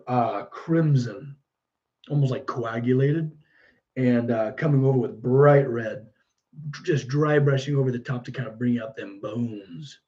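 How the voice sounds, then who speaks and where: A man hosting a casual live stream, musing aloud while painting miniatures and chatting with viewers in a relaxed way. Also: medium pitch, unhurried, lo-fi sound. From United States. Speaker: livestream host painting miniatures.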